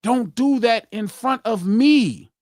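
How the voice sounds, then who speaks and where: A man hosts a casual podcast chat, telling a long personal story with lots of repetition. His voice sits high and swings widely. The sound is dry and close. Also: takes it slowly, dry recording. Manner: animated, repeats himself, acts out quotes. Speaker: podcast host.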